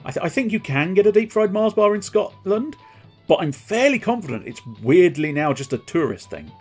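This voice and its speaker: A man's voice: high-pitched, very animated, normal speed, a little mellow, faint music behind. A man streaming a game playthrough, rambling and joking with casual swearing. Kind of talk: live game playthrough commentary.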